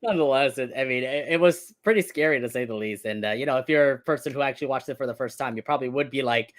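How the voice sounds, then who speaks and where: A co-host with a middle-pitched voice recaps cartoon scenes in loose, rambling sentences. The speaker trails off with fillers and turns to the other host with questions. The tone is relaxed, ordinary fan chat. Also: fast, few pauses. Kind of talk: casual episode review chat.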